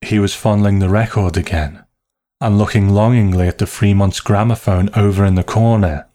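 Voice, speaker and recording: A man narrating a story in a slow, measured, hushed way. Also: on the low side, steady tone.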